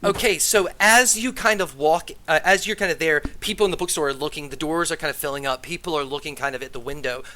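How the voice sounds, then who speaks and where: A man's voice: on the high side, quick pace, few pauses, pushed and bright. A man narrating as game master of a tabletop game, in a loose, hedging way.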